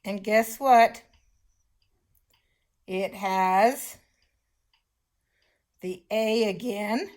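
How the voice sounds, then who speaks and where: An older woman teaching children phonics, slowly and patiently sounding out words and letters. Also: mid-range voice, darkish tone.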